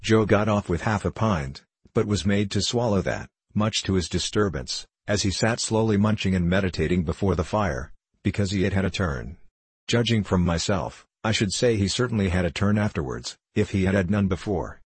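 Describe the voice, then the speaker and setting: A man reading a classic novel aloud as an audiobook narrator, in a measured, even storytelling manner. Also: deep voice, slightly rough, dry recording.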